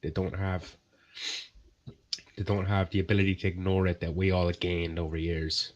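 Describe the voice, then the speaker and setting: A man's voice: low voice, little pitch movement, moderate pace, lo-fi sound. A man on a livestream panel talking crudely and at length, acting out people he mocks. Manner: crude, rambling, acts out people in mocking voices. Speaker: panel member on a livestream chat show. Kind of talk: casual chat.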